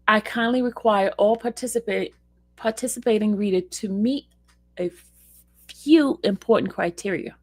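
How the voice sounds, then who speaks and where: A woman hosting a casual livestream, talking expressively and fondly to her viewers and her dog. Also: medium pitch. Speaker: livestream host.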